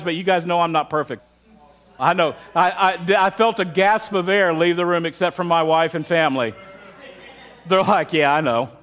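A man's voice: high-pitched, a bit bright. A man, a pastor, preaching a sermon through candid, humorous storytelling.

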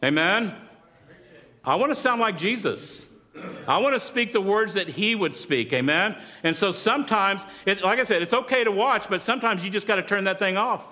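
A middle-aged pastor with a high-sitting voice preaches a sermon in church at a moderate pace. He tells stories in a lively way and asks the congregation to respond.

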